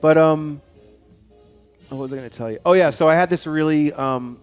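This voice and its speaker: A man chatting as a guest on a live show, rambling and telling animated stories with frequent laughs. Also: fairly high pitch, brisk, clean tone, soft background music. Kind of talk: casual chat. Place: studio.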